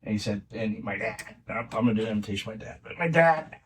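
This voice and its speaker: Talking fast and animated in a lowish voice, a middle-aged podcast guest rambles through family stories, restarting many times in casual conversation. The mic is distant.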